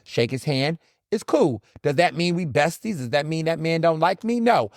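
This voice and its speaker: A man's voice: a little high, expressive, normal speed, no echo, studio quality. A man from the American South hosting a solo podcast, talking bluntly and animatedly, swearing freely and acting out encounters. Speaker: podcast host. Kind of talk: casual solo commentary.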